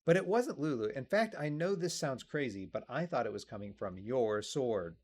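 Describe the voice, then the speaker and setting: A man's voice: medium pitch, expressive, moderate pace, darkish tone, slightly rough. Guy reading as a curious young woman in a video game, chatty and eager, plain mid voice.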